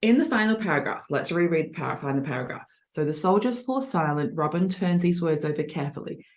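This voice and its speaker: A woman's voice: sits low, expressive, a little fast. A young adult woman teacher walking students through reading test answers in a chatty, reassuring way. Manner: chatty, reassuring, acts out example voices. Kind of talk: online tutoring lesson.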